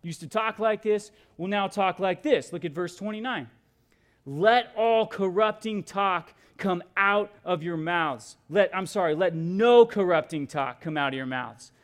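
A man's voice: high-pitched, measured pace. A pastor preaching a sermon, reading scripture aloud and pressing his points with emphatic repeated exhortations.

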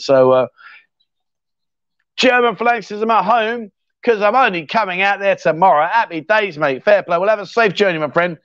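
A middle-aged man with an English accent chats on a live stream, joking with his viewers and calling them mate. His voice sits fairly high for a man. The sound is dry and a little dull. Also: lively intonation, normal speed, a bit bright, clear, resonant tone, no room sound. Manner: chatty and jokey, full of mate and fair play. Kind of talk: casual live-stream chat reading comments.

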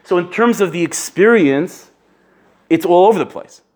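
A man giving a casual Torah class, animated and full of restarts, sprinkling in Hebrew and Yiddish terms. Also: high-pitched, normal speed. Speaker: Torah teacher.

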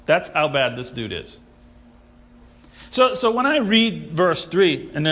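Animated preaching man. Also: fairly high pitch, brisk. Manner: animated, sarcastic, acts out quoted people. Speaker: pastor. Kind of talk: sermon.

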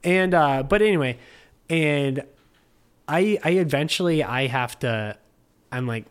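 A man's voice: medium pitch, a little slow, clean tone. Rambling man telling a story at home. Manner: rambling, heavy use of "like", acts out quoted speech. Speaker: podcast guest. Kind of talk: casual storytelling chat. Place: living room of his home.

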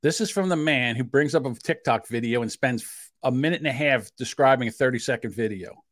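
Heated South Jersey podcast host. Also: male voice, a bit bright, dry recording, clean studio sound. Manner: defensive, heated, quick to rise in pitch; admits a short temper. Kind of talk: casual argumentative podcast banter.

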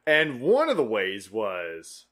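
A man co-hosting a casual podcast, telling stories in an animated way and swearing freely. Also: lowish voice, takes it slowly, crowd noise. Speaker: podcast co-host. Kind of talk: casual chat.

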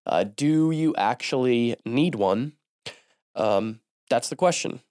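A man's voice: mid-range voice, takes it slowly, clear, resonant tone, no echo, clean studio sound. A man hosting a small business podcast, talking casually with a stuffy, nasal voice from a cold and lots of ums. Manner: relaxed, many ums and uhs. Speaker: podcast host. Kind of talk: casual solo podcast talk.

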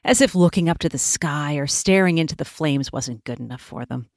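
A woman's voice: low-pitched, a little fast, dry recording, clean studio sound, pitched below the performer's own voice. A woman voicing a confident ancient goddess who teases and rants with spirit. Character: lively, teasing ancient female goddess, confident.

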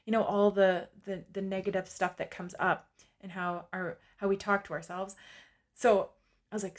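A woman's voice: medium pitch, moderate pace. A woman in her forties telling her own story in a candid, confessional monologue with casual fillers.

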